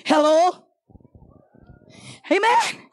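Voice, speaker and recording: A middle-aged woman preaches at full cry, her very high voice ringing out in shouts. She punches phrases in a chanting rhythm and fires quick asides at the pews. The sound is close and dry, with almost no room echo. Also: huge pitch swings. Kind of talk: fiery Pentecostal sermon. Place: church sanctuary.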